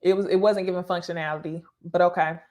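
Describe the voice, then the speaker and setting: A woman hosting a casual reality TV recap, talking to viewers in an animated, profane way with laughing asides. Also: fairly low pitch, fast.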